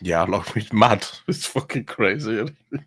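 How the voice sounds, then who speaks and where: A man talking football casually, animated and sweary, calling his co-host "mate". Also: on the low side, normal speed, husky, no echo. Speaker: podcast co-host.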